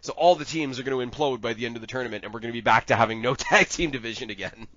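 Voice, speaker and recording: A man co-hosting a podcast in casual wrestling chat, animated and rambling, swearing freely. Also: mid-range voice, racing, lo-fi sound. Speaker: podcast co-host.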